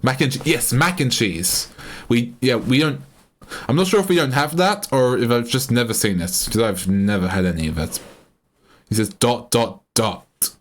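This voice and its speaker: An Australian man chats on a live game stream in a loose, rambling way. He restarts his sentences often and thinks out loud, speaking in a mid-pitched male voice. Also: expressive, normal speed. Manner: rambling, self-interrupting, chatty. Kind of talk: casual live-stream chat.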